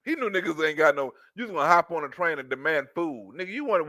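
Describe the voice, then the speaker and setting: A man rants in a comedic reaction, profane and animated, playing up mock outrage. His voice is high and bright, recorded dry and close to the mic. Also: fast talker, few pauses, dry recording. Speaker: commentator.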